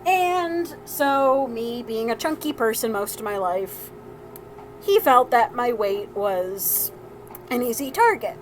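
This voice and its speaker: A woman's voice: on the high side, expressive, takes it slowly, faint music behind, poor audio. A woman hosting a live crafting stream, telling a family story in a casual, rambling way with frequent laughs and restarts.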